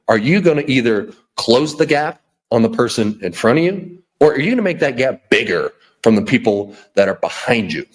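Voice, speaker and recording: Man, podcast host, motivational rant, blunt, preachy, repetitive, mid pitch. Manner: blunt, preachy, repeats himself with frequent "okay?" and restarts.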